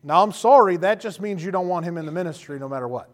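A man's voice: high-pitched, lively intonation, fast. A man preaching a sermon in a folksy, joking way, acting out quoted voices. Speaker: pastor.

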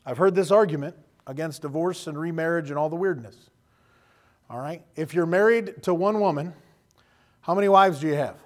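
A man's voice: fairly high pitch, moderate pace. A man preaching a sermon in a folksy, joking way, acting out quoted voices. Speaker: pastor.

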